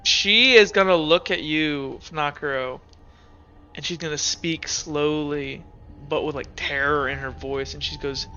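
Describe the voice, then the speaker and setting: A man's voice: on the high side, a little slow, pushed and bright, dull audio, soft background music. A man narrating as game master of a tabletop game, rambling with lots of fillers. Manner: rambling, filler-heavy narration with frequent restarts.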